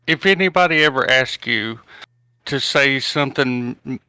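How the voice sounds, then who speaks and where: A man's voice: medium pitch, moderate pace, pushed and bright, clean tone, dry recording, low-quality recording. A man co-hosting a casual podcast, teasing the others and laughing often. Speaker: podcast co-host. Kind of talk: casual chat.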